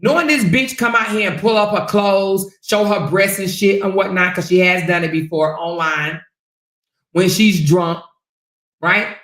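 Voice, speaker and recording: A woman's voice: medium pitch, unhurried, a bit bright. A woman hosting a gossip commentary livestream, talking in a brash, profane, mocking way. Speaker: livestream host. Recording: roomy echo.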